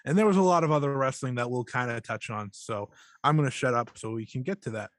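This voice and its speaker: A man co-hosting a casual wrestling podcast, talking excitedly and swearing freely. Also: medium pitch, fast talker, no echo, studio quality. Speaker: podcast co-host.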